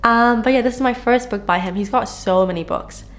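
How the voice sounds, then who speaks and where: A woman's voice: fairly high pitch, a little fast, a little hiss or hum. A woman in her late twenties, a book vlogger, chatting casually and gushing about books she read, with lots of "like" fillers. She is recorded indoors at home on a camera-mounted mic. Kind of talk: casual book review chat. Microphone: on-camera shotgun mic.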